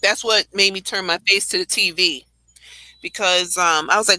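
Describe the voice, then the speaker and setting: A man in casual chat, telling an excited story and laughing along. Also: sits high, normal speed, dry recording, rough recording.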